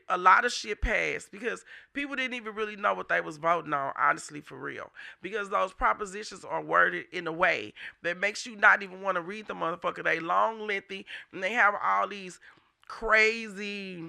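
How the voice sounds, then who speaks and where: St guy ranting on his show, real sharp bright voice, cussing a lot, heated. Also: sits high, moderate pace, creaky. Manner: heated, profane, blunt. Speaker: show host. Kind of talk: unscripted ranting monologue.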